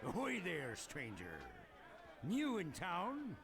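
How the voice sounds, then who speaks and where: A drawling, gravelly pirate barfly. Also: male voice, sits high, wildly swooping pitch, slow, background noise, full character voice. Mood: teasing. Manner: drawling, mocking. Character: laid-back male pirate barfly, teasing. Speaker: game character.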